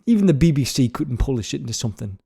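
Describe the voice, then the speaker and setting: A man's voice: mid-range voice, big pitch swings, racing, creaky, mellow, slightly rough, exaggerated voice. A man voicing an exasperated male British news anchor in a put-on British accent, scolding someone in an over-the-top comic way on a podcast. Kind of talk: comedic accent challenge on a podcast.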